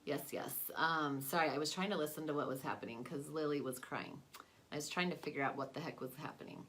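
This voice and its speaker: Young woman rambling thru a makeup vlog at home, kinda low voice, lots of um and like. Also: brisk, a bit bright, a little hiss or hum. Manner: rambling and chatty, many fillers. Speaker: vlogger. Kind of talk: casual makeup vlog chat. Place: at home, away from her desk.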